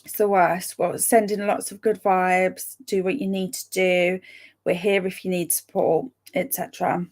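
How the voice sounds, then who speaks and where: A chatty woman reads live-chat comments aloud, her voice gravelly and full of fry. She speaks slowly and unhurriedly, but turns excitable now and then, slipping into a laugh or a sudden whisper. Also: lowish voice. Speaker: streamer reading live chat. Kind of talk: casual chat with live viewers.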